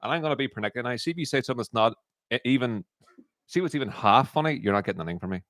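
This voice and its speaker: A man co-hosting a live football watchalong, chatting casually with quick, joking remarks. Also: mid-range voice, lively intonation, fairly bright tone, no room sound. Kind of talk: casual chat.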